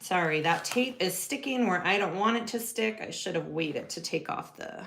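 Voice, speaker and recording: A woman's voice: fairly low pitch, expressive, normal speed, fairly bright tone, a little hiss or hum. A woman hosting a live sewing tutorial, chatting casually and greeting viewers as she works. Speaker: sewing livestream host.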